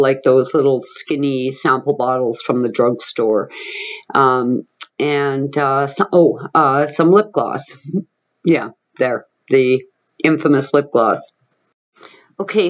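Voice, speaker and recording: Low-voiced woman telling a story, lo-fi. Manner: candid and emphatic, swears freely, laughs in disbelief. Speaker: host. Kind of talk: personal storytelling monologue.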